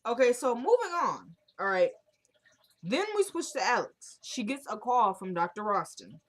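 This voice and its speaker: A woman's voice: fairly high pitch, very animated, normal speed. A woman casually recapping a TV drama episode, chatting and acting out the characters' lines as she retells them.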